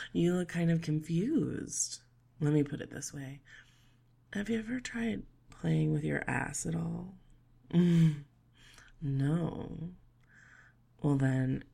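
A young woman in a whispered role-play, teasing and bossy in her delivery, with a deep, gravelly voice. She takes her time over every phrase, and a husky breath sits under her words. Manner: teasing, playful and bossy, with soft laughs and murmurs. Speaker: audio role-play performer.

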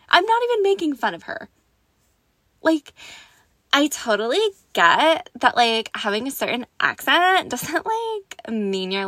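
A ditzy young valley girl, as a woman puts her on, whiny and bouncy, with "like" in every phrase. Her pitch rides high and lively. The recording is dry and close. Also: no room sound, heavily acted. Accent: Valley Girl put-on. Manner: uptalk full of filler likes.

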